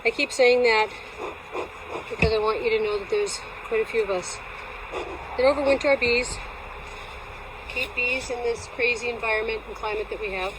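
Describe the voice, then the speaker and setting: A woman's voice: a little high, steady tone, moderate pace, pauses often. A woman beekeeper talking at her hives outdoors in a chatty, playful vlog style, teasing herself as she goes. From Alaska. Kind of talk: casual outdoor how-to vlog. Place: outdoors at a bee yard. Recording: outdoor noise, passing vehicles.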